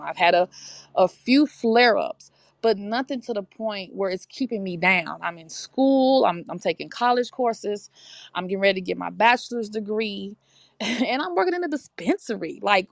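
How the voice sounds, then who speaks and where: A woman's voice: medium pitch, no room sound. A woman guest talking enthusiastically in a casual interview, full of fillers and restarts. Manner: enthusiastic, chatty, many fillers. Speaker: interview guest, brand ambassador. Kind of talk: casual testimonial chat.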